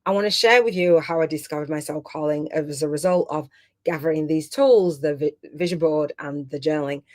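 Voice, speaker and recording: Host: middle-aged woman, low-pitched, emotional and chatty coach running a live masterclass. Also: darkish tone. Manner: heartfelt and chatty, close to tears.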